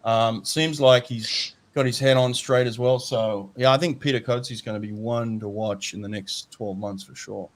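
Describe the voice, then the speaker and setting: A man's voice: medium pitch, fairly even intonation, normal speed. A man hosting a casual swimming podcast, rambling and repeating himself. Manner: rambling, repeats words, says "mate" often. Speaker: podcast host. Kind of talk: casual chat.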